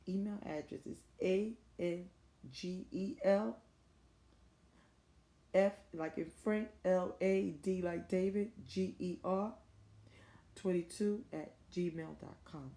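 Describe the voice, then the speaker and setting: A grieving mother, middle-aged and American, pleads urgently and repetitively into the camera in evident distress. Her voice sits lowish and mellow, and the recording carries a roomy echo.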